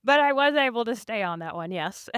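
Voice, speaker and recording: A woman's voice: fairly high pitch, lively intonation, a little slow, fairly bright tone, clean tone, dry recording, studio quality. A woman guest on a podcast, chatting and laughing as she tells about her rides, full of "you know" and "like". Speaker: podcast guest, endurance race rider. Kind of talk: casual interview storytelling.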